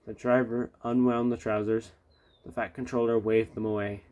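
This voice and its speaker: A man's voice: medium pitch, level tone, normal speed, a little mellow. A man reading a children's railway storybook aloud with little chatty asides. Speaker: storybook reader.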